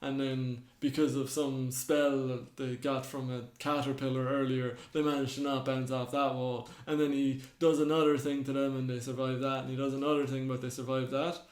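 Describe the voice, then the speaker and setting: A man's voice: medium pitch, flat delivery, normal speed, hardly any pauses, darkish tone. A man with a mid-range voice retells myths in easy, casual podcast chat. He acts out the characters' lines as he goes. The recording has a roomy echo. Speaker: podcast co-host.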